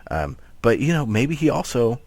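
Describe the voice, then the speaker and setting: A man's voice: mid-range voice, moderate pace, vocal fry. A man co-hosting a wrestling podcast, talking casually and rambling with lots of restarts. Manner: rambling, animated, many restarts. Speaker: podcast co-host. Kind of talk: casual chat.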